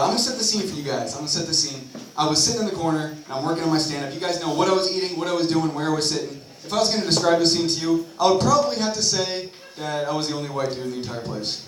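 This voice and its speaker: A man's voice: fairly high pitch, fairly bright tone, slight background noise. A young man performing a rambling, profane stand-up set at a bar open mic, full of self-mocking asides. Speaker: stand-up comedian. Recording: echoey bar from a far camera.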